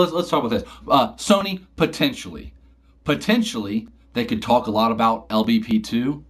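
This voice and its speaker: A man vlogging casually, telling a joke and then talking games in an animated way. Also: medium pitch. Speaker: gaming vlogger.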